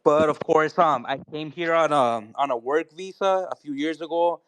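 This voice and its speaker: A man's voice: on the high side, normal speed, a bit bright, clear, resonant tone, no room sound. A man from Mexico with a Mexican accent, calling into a talk show and speaking earnestly with many fillers. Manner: earnest, filler-heavy, with many "you know"s. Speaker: caller. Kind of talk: casual call-in chat.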